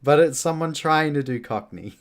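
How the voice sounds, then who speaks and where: A man's voice: a little high, lively intonation, moderate pace. A man giving laid-back, chuckling commentary while streaming a video game. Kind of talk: casual gameplay commentary.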